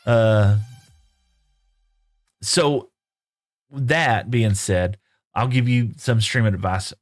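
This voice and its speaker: A man's voice: lowish voice, dry recording. A man streaming a video game live from home, chatting casually and rambling as he reads viewer messages aloud and answers them. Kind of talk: casual live-stream chat while playing. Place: home room.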